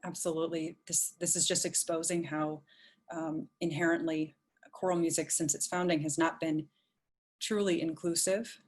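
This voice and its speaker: A woman moderates a panel over a video call. Her voice is low and even, with little rise and fall. She hesitates often and fills her pauses with "um.". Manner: hesitant, many ums. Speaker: webinar moderator.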